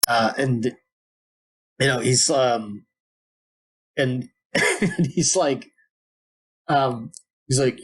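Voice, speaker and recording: A man's voice: mid-range voice, drawn-out words, pauses often. A man co-hosting a podcast, telling a long story in a rambling, digressive way. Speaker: podcast co-host. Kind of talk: casual podcast chat.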